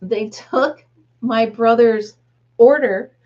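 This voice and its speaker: A woman's voice: a little high, slow, muffled recording. Chatty grandmother hosting a live chat. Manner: chatty, rambling, laughs often. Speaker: livestream host. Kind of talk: casual live chat with viewers.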